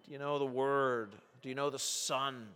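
Bright-voiced male preacher in a reverberant hall. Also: mid-range voice, fairly even intonation, normal speed, clear, resonant tone. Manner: preaching with rising, emphatic bursts. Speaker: pastor. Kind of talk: sermon.

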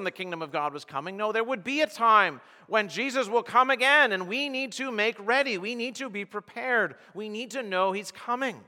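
A man with a high, bright, forceful voice preaches an expository sermon as a pastor, earnest and emphatic. He keeps restarting his phrases as he works through the text, and the recording carries a long hall reverb.

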